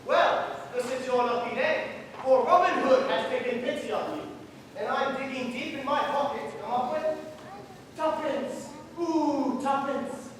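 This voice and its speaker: A man's voice: very high-pitched, unhurried, noisy background. A young man playing a boastful, mocking outlaw hero in a school stage play, speaking theatrically in old-fashioned phrases. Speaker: student actor. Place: large school auditorium stage. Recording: echoey hall miked from far off.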